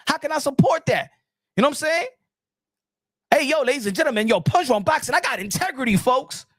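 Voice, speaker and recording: A man with a notably high voice hosts a casual live boxing stream, talking in long rambling runs that keep circling back with "you know what I'm saying". The sound is close and dry, with no room around it. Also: fairly bright tone, dry recording. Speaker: boxing channel host.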